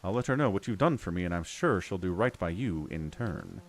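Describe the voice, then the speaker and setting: A man's voice: deep voice, expressive, fairly quick. A man voicing an eager, grateful young male dwarf cook in a fantasy game, in a raised voice.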